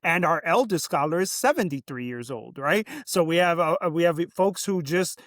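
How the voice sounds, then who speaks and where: A man's voice: on the high side, lively intonation, moderate pace, fairly bright tone, dry recording, clean studio sound. A man in his forties, a program director, chatting upbeat and talkative as a podcast guest, often restarting his sentences. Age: 40s. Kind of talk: casual interview conversation. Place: Baltimore, Maryland.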